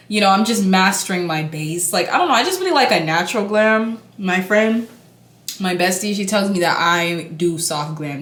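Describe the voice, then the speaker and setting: A young woman in a get-ready-with-me vlog, chatting casually while she does her makeup. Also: lowish voice. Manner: chatty and animated, talking while doing makeup. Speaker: beauty vlogger. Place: indoor room, hotel. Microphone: camera mic. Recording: echoey room.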